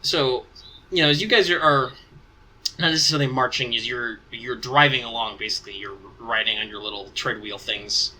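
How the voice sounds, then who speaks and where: A man's voice: mid-range voice, a little fast, bright, forceful tone, poor audio. A man acting as game master, narrating a tabletop game in a casual, rambling way as he thinks aloud.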